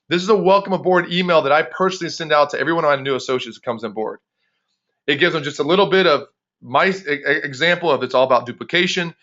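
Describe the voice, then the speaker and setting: Upbeat guy doing a sales team pep talk on a muffled conference call, bright pushy voice, preachy. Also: on the high side. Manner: energetic, preachy, repeats phrases for emphasis. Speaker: network marketing team leader. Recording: dull lo-fi phone call audio.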